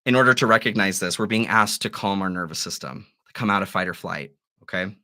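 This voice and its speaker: A man with a bright, forceful tone hosts a live tarot stream. He muses over each card aloud and encourages his listeners gently. His voice sits on the lower side. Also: quick pace. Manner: musing, gently encouraging, with soft laughs. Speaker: tarot reader.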